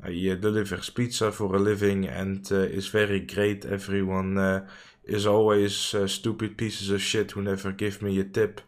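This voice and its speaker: A man voicing a stoned adult male pizza courier who speaks halting, broken English with a flat, monotone Dutch accent and complains in a low drone. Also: natural voice. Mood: grumbling.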